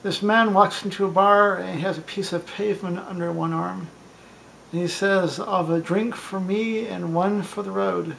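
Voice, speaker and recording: Male joke teller, higher voice with gravelly fry, plain deadpan read over faint hiss. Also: normal speed, poor audio. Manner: plain storytelling delivery with small stumbles. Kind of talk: reading a list of bar jokes.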